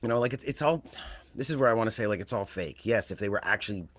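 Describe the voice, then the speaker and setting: A man's voice: on the low side, animated, quick pace, fairly bright tone, no room sound. A man co-hosting a wrestling podcast, talking in a rambling, casual way that trails off and restarts. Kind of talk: casual chat.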